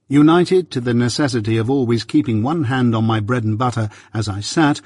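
Audiobook narrator, male, husky, measured storytelling. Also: mid-range voice, darkish tone, no echo, studio quality. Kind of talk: scripted narration of a classic novel.

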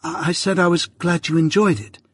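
A man's voice: a little high, steady tone, brisk, dry recording, clean studio sound, pitched above the performer's own voice, natural voice. Man doing a timid young boy. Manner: timid, hesitant.

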